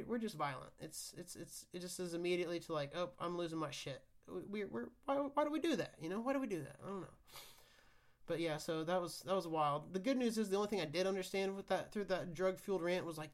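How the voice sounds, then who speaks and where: Profane rambling young man, podcast host. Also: fairly high pitch. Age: young adult. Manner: profane, rambling, animated ranting. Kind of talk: casual solo podcast monologue.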